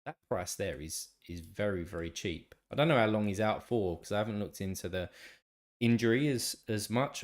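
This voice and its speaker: A congested man with a nasal, slightly tired voice that sits a little low. He hosts a laid-back live stream and rambles along, restarting his sentences and answering viewers by name. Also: creaky. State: congested, still a bit tired. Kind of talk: casual live stream chat.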